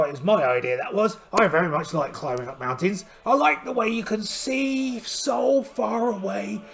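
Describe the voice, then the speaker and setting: A man puts on an exaggerated voice as a one-eyed pirate captain, gravelly, high-pitched, blustering, and cheerful. Narrating a solo tabletop voyage with theatrical exclamations, he lets his pitch swoop widely from phrase to phrase.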